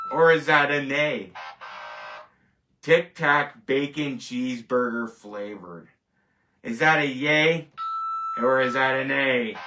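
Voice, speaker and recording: This is a Canadian man hosting a casual rant show, his voice a little high with a sharp tone. He rambles, speaks emphatically, and scoffs at each verdict, all from a distance from the mic.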